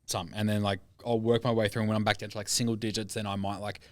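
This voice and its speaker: Fast-talking man, low voice. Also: flat delivery, no room sound. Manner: rapid, chatty storytelling with many "like" fillers. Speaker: podcast guest, strength coach. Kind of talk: casual chat.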